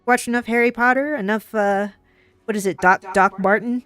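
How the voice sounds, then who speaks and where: A woman's voice: a little high, fairly even intonation, moderate pace, fairly bright tone, faint music behind. A woman reading out game narration and chatting playfully on a stream, referring to herself in the third person. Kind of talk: casual streaming chat and reading game text.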